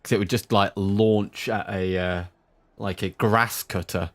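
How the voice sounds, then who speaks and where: Male streamer, unhurried gameplay commentary, low-ish voice, chatty with viewers. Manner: chatty, talks to stream chat between sudden excited outbursts. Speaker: game streamer.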